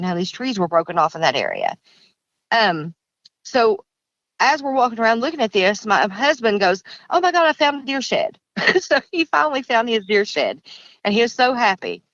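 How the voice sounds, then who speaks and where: A woman's voice: medium pitch, dry recording, muffled recording. A middle-aged woman, a guest casually telling a long story, rambling and repeating herself in plain country grammar. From Kentucky. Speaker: guest recounting an encounter.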